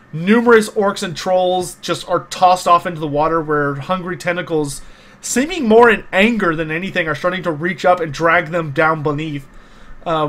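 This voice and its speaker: A man's voice: high voice, a bit bright. A man narrating as game master of a tabletop game, loose and casual with lots of fillers and restarts.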